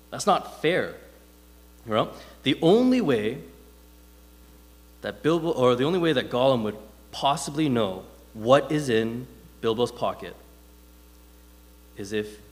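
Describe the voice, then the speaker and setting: A man preaching a sermon in a casual, conversational way, telling stories with plenty of fillers. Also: medium pitch. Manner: conversational, animated storytelling with frequent fillers. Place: church hall. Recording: long hall reverb.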